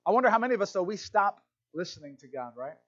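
A man's voice: high voice, quick pace, muffled recording. A man preaching a sermon as a pastor, telling stories and acting out little voices. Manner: animated storytelling, acts out voices.

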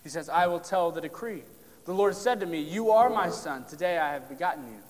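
A man preaching a sermon on a psalm, emphatic, pressing hard on key lines and then dropping to a hush. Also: a little high, animated, brisk. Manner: emphatic, drops to hushed tones for stress. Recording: long hall reverb.

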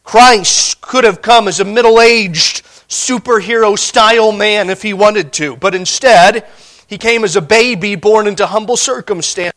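Man, very high voice, sermon, emphatic, animated preacher. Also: unhurried. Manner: animated, emphatic, frequent restarts and rhetorical "all right?". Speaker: pastor.

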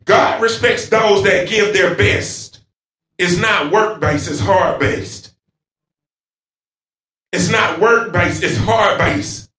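A man preacher delivering a fervent sermon in a church, moving between shouts and hushed passages. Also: high voice, slow, pauses often. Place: church sanctuary. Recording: echoey church from far off.

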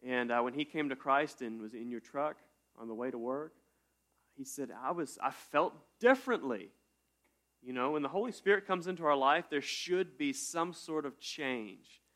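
A man's voice: mid-range voice, expressive, moderate pace, a bit bright. A man preaching a sermon as pastor, in a conversational way with rhetorical questions.

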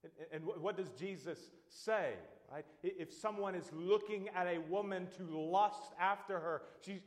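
A man preaching a sermon, earnest and building to loud, emphatic exhortation. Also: high voice, lively intonation, moderate pace, few pauses, long reverb tail.

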